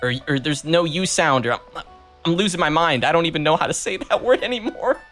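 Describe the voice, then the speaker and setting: A man's voice: on the high side, expressive, brisk, fairly bright tone, faint music behind. A man chatting casually while playing his game, giggling, rambling and cutting himself off mid-sentence. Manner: giggly, rambling, self-interrupting. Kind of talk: casual let's-play chat.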